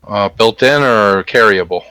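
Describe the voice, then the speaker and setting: A man playing a tabletop game, asking methodical, deliberate questions. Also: on the low side, pushed and bright, clear, resonant tone, rough recording. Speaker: player. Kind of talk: casual tabletop play.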